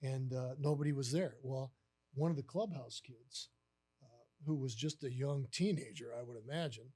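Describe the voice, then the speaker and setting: A man's voice: mid-range voice, moderate pace. A man in his sixties, a guest on a live podcast, telling a long story and acting out the other voices with lots of "you know" and "uh". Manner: animated storyteller who acts out quoted voices with many fillers. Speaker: guest, former baseball catcher.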